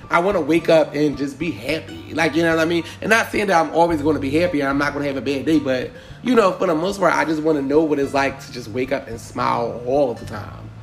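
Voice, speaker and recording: A young man hosting a casual panel podcast, animated and sassy, often laughing as he talks. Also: a little high. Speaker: podcast host.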